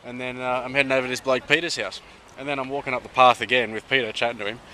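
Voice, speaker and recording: A man's voice: mid-range voice, little pitch movement, rapid-fire, sharp tone, a little hiss or hum. A man from Sydney with an Australian accent, chatting upbeat to camera on a travel vlog, outdoors by a river. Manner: chatty and upbeat, with slangy asides. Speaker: travel vlogger. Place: outdoors by a river on a hot day.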